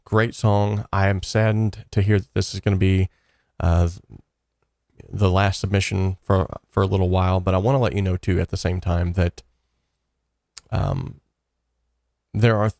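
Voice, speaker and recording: A man's voice: low-pitched, darkish tone, no room sound, clean studio sound. A man hosting a casual livestream, talking in an earnest, encouraging way and rambling loosely with frequent fillers. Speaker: livestream host of a song contest.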